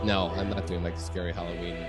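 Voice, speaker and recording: A man hosting a casual high school football podcast, talking emphatically and swinging from loud to low. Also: quick pace, over music. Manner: lively, emphatic, shifts between loud and low. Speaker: podcast host. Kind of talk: casual sports podcast chat.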